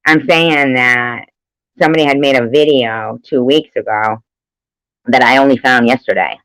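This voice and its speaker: A woman's voice: extremely low pitch, moderate pace, a bit bright, dry recording, rough recording. A woman chatting casually on a live stream, rambling and swearing freely, laughing often between remarks. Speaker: livestreamer.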